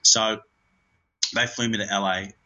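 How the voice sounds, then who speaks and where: A man's voice: on the low side, fairly even intonation, unhurried, pushed and bright, rough recording. A man, a film director, talking in an interview in a rambling way, with many fillers and restarts.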